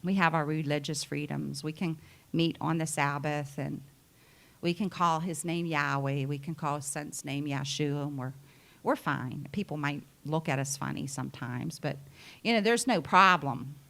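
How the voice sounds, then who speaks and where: A woman from the United States preaching a sermon in an unhurried, conversational way with many asides. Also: deep voice, vocal fry, fairly bright tone.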